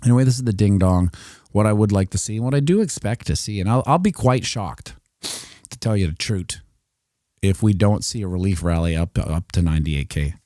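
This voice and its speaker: A man's voice: fairly low pitch, lively intonation, a little fast, warm tone, dry recording, clean studio sound. A middle-aged man giving casual, rambling live commentary on market charts, joking and muttering asides to himself as he works. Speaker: crypto streamer.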